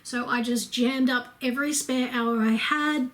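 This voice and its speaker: A woman's voice: on the high side, steady tone, measured pace, a bit bright. A woman in her thirties with an Australian accent, chatting casually and candidly to camera while answering viewer questions. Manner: chatty and candid, many fillers and asides. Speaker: home and lifestyle vlogger.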